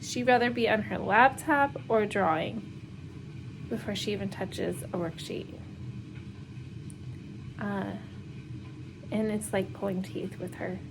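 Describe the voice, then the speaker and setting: A woman's voice: medium pitch, slow pace, gravelly, long pauses, noisy background. A woman in her thirties, a homeschooling mother, rambling casually with many fillers and nervous laughs while doing laundry at home. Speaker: homeschooling mom vlogger. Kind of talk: casual vlog chat.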